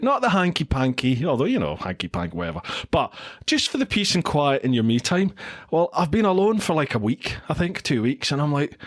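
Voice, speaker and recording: A man's voice: on the high side, wildly swooping pitch, fairly quick. Chatty man hosting a livestream. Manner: chatty, reads out viewer comments and greets each by name. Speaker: podcast host. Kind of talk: casual livestream chat. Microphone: studio mic into a recorder.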